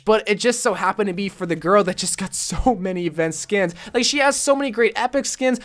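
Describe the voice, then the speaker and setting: A young woman talks through video game picks in a casual, jokey way, teasing herself as she goes. Her fairly high voice swoops up and down with plenty of life. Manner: excitable and jokey, with self-mocking asides. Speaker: gaming YouTuber.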